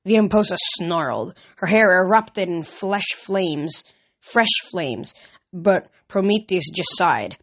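A woman reading a first-person novel aloud in a steady, even storytelling manner. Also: fairly low pitch, measured pace. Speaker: audiobook reader.

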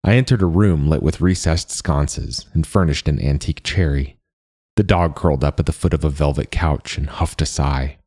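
A man narrating a first-person story in a calm, measured way. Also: rumbling low, husky.

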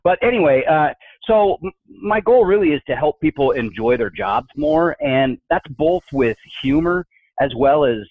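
A man whose voice sits on the high side speaks at normal speed, casually chatting on a podcast about workplace humor. He tells anecdotes with animated flair, voicing the characters, over a dry, tinny, phone-like recording.

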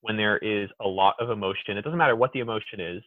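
A man as a podcast guest in casual chat, an animated, exuberant storyteller. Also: on the low side, fast talker, background noise. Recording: tinny phone-like dry sound.

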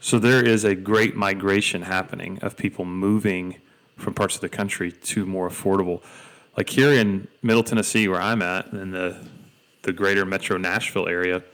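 Deep-voiced young man chatting casually. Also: a little fast. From Georgia, US. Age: young adult. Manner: animated storyteller, many fillers and restarts. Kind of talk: casual conversation.

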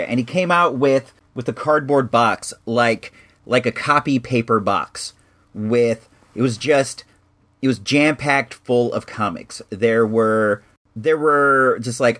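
A man's voice: medium pitch, unhurried. A middle-aged man hosting a podcast, telling a long casual story with frequent restarts and fillers.

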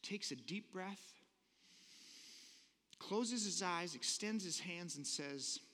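A man preaching a sermon, telling a story in an animated, joking way with little voices for the characters. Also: high voice, takes it slowly. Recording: long hall reverb.

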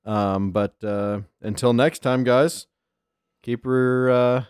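A man's voice: medium pitch, steady tone, slow pace, darkish tone, smooth, no room sound, clean studio sound. A man hosting a podcast, chatting casually and loosely with lots of fillers. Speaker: podcast host. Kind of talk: casual chat.

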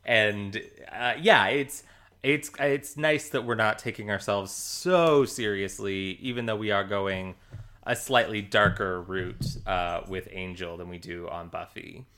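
A man co-hosting a casual show podcast, adding short remarks and easy agreement. His voice sits a bit low but sounds bright and forceful. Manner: brief agreeing responses and quick laughs. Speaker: podcast co-host. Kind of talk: casual show recap chat.

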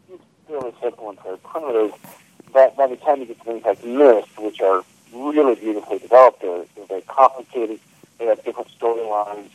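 A man, a museum curator explaining things in a relaxed, friendly way on a phone interview. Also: mid-range voice, rough recording. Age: 50s.

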